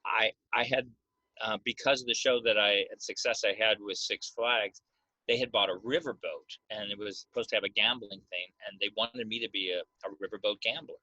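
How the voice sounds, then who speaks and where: A man, a magician, talking casually about his career in a relaxed, reflective way. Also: on the low side, fairly quick, no room sound. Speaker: magician guest. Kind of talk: casual interview chat. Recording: dull, dry lo-fi sound.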